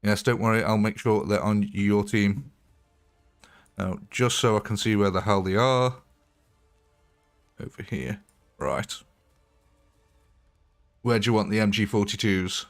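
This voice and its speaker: A man's voice: lowish voice, steady tone, normal speed, clean tone, soft background music. A man chatting casually as he streams a strategy game live, thinking aloud, greeting viewers and laughing often. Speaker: gaming livestreamer.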